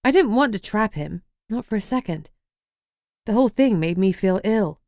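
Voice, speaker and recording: A woman's voice: mid-range voice, lively intonation, moderate pace, darkish tone, no echo, studio quality. A woman narrating a first-person urban fantasy audiobook in a wry, sardonic way.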